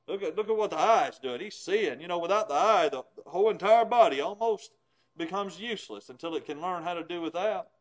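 A middle-aged man preaching with a high voice. He talks animatedly and emphatically, throwing rhetorical questions at his listeners in a conversational way. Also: low-quality recording. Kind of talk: sermon.

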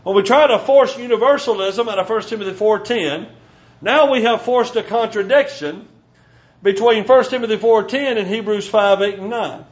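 A male preacher giving a sermon, teaching from scripture and slowing down to stress key phrases. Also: high voice, lo-fi sound. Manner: emphatic, slows down to stress scripture.

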